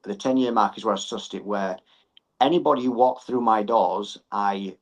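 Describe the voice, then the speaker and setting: A middle-aged man with a somewhat low voice. He explains things earnestly as a podcast guest and repeats phrases to drive a point home. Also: moderate pace, poor audio. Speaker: martial arts gym owner and coach.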